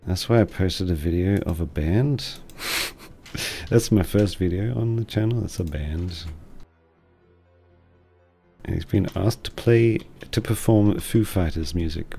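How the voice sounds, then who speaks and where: A young man streaming, rambling and joking at himself, with a quiet, mumbling voice. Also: deep voice, unhurried, gravelly. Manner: rambling, self-deprecating, laughs often. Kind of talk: casual chat reading chat. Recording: faint music behind.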